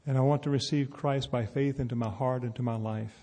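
A man from North Carolina, leading an altar call and a prayer in a folksy, gentle way. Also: medium pitch, steady tone, a little fast, hardly any pauses, big-room sound. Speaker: evangelist preacher. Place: large arena event.

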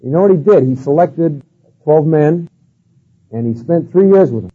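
A man's voice: fairly high pitch, expressive, normal speed, breathy edge. A man giving a sermon-style lecture, telling stories in a folksy way with many fillers. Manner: folksy, storytelling with many "you know" and "uh" fillers. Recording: tinny phone-like old tape.

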